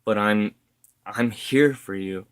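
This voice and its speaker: A man voicing a grieving grandfather, an older man whose strained talk breaks into anguished shouts. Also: lowish voice, slow, clear, resonant tone. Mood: gentle, strained.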